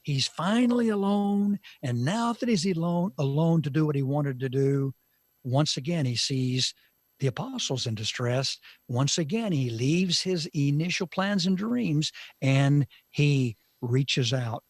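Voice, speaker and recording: Slow, emphatic male Bible teacher. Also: on the high side, lively intonation, dry recording, studio quality. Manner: slow, emphatic, with dramatic pauses and shifts in loudness. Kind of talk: Bible teaching on a talk show.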